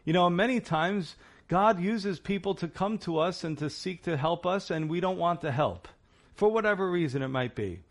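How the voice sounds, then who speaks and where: A man's voice: sits high, animated, normal speed. A man preaching a sermon, earnest and encouraging, often asking the listeners rhetorical questions. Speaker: pastor.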